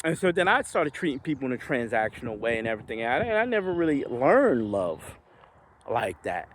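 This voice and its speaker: A man talking through his feelings in a reflective personal vlog, halting and searching for words. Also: mid-range voice, very animated. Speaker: vlogger.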